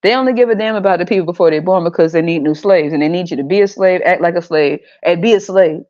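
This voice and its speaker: A woman rants on her own podcast, blunt, profane, and sarcastic in casual style. Her voice is fairly low and dark-toned, and she talks fast. The recording is dull and lo-fi.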